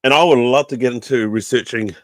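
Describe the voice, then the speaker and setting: A man's voice: medium pitch, fairly quick, no room sound. A man with a New Zealand accent talks casually to his livestream audience, drifting between thoughts with plenty of ums. His throat is sore and keeps catching. The sound is dry and close. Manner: rambling, full of ums, chummy with viewers. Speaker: podcast host.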